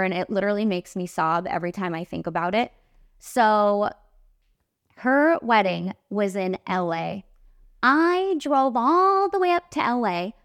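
A young woman in her twenties, a makeup artist hosting a podcast, telling a story in a casual, animated, emphatic way. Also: medium pitch, dry recording, studio quality.

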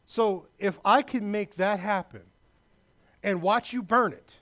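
A male pastor preaching a sermon, emphatic and loud, with asides to the congregation. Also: sits high, slow pace.

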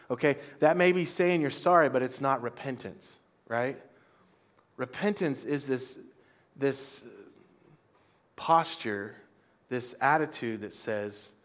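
A man's voice: mid-range voice, takes it slowly, long pauses, fairly bright tone. A man preaching a sermon to a congregation, leading call-and-response lines. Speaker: pastor. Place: church before a congregation.

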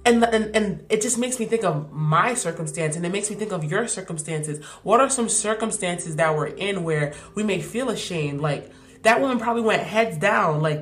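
This young podcast host speaks at a normal speed with lively intonation and a medium pitch, sharing a heartfelt, casual devotional thought. She uses slang and repeats things for emphasis as her voice grows slightly hoarse.

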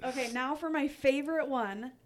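A woman's voice: sits high, normal speed. A woman co-hosting a casual podcast, reading news headlines and asking questions in a matter-of-fact way.

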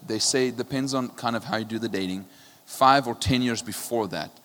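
Man, pastor, passionate sermon, quiet to loud swings, long hall reverb. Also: on the low side, slight background noise. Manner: often asks "right?".

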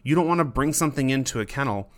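A man's voice: medium pitch, lively intonation, rapid-fire. Chatty male dog trainer giving advice. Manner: conversational, repeats himself, acts out the dog's thoughts in quotes. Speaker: dog trainer and podcast host. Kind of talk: casual advice podcast.

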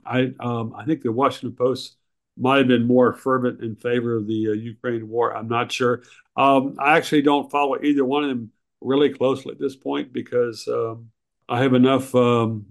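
A man's voice: mid-range voice, a bit bright. A man, a writer and regular co-host, talking politics casually with frequent ums and uhs. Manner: hesitant, many ums and uhs, critical.

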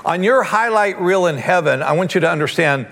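A man's voice: high voice, animated, brisk, creaky, fairly bright tone, big-room sound. A man preaching a sermon, telling a story animatedly with quoted voices. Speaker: pastor.

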